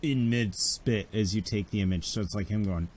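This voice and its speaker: A man narrating as game master of a tabletop game, telling it in a lively way with frequent laughs. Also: fairly low pitch, slightly rough.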